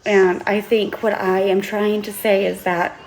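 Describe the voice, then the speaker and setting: Tearful woman with a gravelly voice. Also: medium pitch, flat delivery. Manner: impassioned, swears, halting restarts; earnest and pleading. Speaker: vlogger and author. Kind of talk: emotional vlog monologue.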